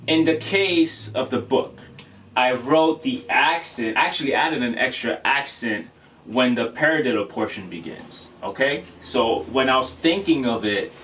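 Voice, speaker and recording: A man talks through a drum rudiment in a relaxed, chatty way, often pausing with "um" and checking in with "okay?". His voice sits at an ordinary pitch. He is some way off the microphone, with a faint hiss behind him. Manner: relaxed, filler-heavy, says "okay?" often. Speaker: drum teacher. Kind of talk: casual video lesson. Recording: distant mic with faint noise.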